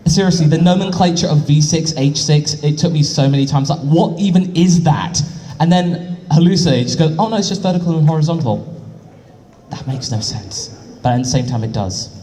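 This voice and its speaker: A man's voice: fairly high pitch, lively intonation, normal speed, warm tone. A man hosting a convention panel, asking long, rambling questions full of filler words. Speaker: panel host.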